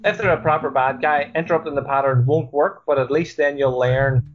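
A man's voice: a little high, brisk, dull audio, faint music behind. A man with a Northern Irish accent, a guest coach, explaining things earnestly in a casual interview. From Northern Ireland.

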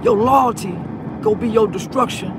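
A choked-up man talks in a strikingly high, strained voice, circling back over the same words as he lectures and consoles someone. He is recorded in a car, and traffic and street noise are plainly heard behind him. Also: normal speed. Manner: tearful, repetitive, preachy. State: teary, choked up. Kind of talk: emotional address to a viral video subject. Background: traffic and outdoor ambience.

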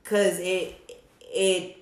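Blunt, profane woman with a low voice. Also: very slow, roomy sound. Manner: blunt, profane, animated storytelling. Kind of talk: casual candid chat.

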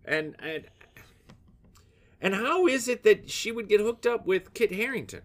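A man co-hosting a podcast in casual chat, jokey and animated, slipping into acted asides. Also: high-pitched, measured pace. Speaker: podcast co-host.

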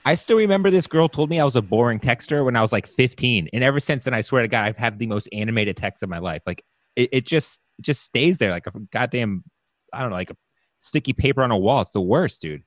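A man's voice: medium pitch, expressive, quick pace. A man hosting a casual chat, laid-back and saying "dude" often.

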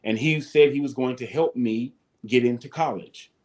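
Man, 50s, mid-pitched, guest storyteller, animated, swears easily. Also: normal speed. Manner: animated, swears casually, acts out voices. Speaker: guest, former football player. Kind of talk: casual storytelling.

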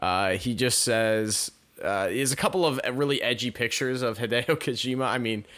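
Guy hosting a news show, bright voice, reads stories then cracks snarky jokes. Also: mid-range voice, moderate pace. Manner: reads headlines then riffs with sarcastic asides. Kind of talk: casual news commentary, reading articles aloud.

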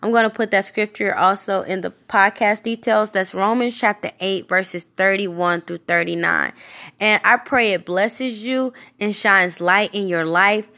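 A woman preaching a devotional podcast sermon in an earnest, conversational way. Her voice sits in a middle register and climbs high when she presses a repeated question. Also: a little slow, sharp tone. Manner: casual fillers and self-restarts.

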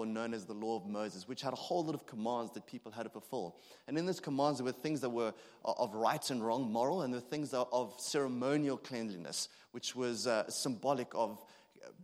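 Earnest thirty-something preacher in a reverberant hall. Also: male voice, medium pitch. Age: 30s. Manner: earnest, halting with frequent restarts and fillers. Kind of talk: sermon.

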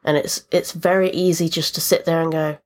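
A woman with a notably low voice talks through her recent games in a loose, rambling podcast chat. She wanders through asides and fillers. She sounds like a regular host settled into easy conversation. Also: level tone, brisk. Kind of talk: casual chat about video games.

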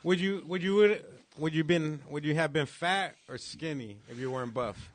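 A man's voice: fairly high pitch, moderate pace. A man co-hosting a casual comedy podcast, joking and swearing with lots of slang. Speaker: podcast co-host. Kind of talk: casual stoner podcast chat.

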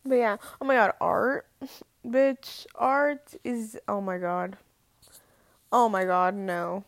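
A woman's voice: mid-range voice, fairly even intonation, slow pace, no room sound. A teenage girl talking casually to the camera, slangy and full of "like", drawling and exasperated. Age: teens. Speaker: student vlogger.

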